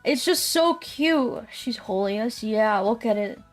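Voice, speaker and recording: A woman's voice: fairly high pitch, animated, slow pace, soft background music. A woman streamer chatting casually with her viewers. She rambles, swears often and laughs easily. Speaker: live streamer. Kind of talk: casual live-stream chat.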